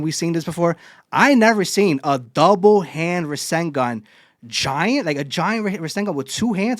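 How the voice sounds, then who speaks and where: A man hosting a casual anime podcast, excitedly retelling a chapter and swearing freely. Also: on the high side, dry recording, clean studio sound. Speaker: podcast host.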